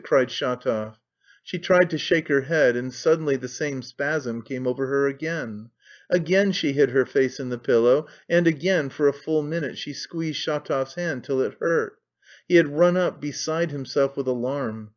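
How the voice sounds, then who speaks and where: A man narrating a classic novel as an audiobook, measured and expressive. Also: a little high, dull audio.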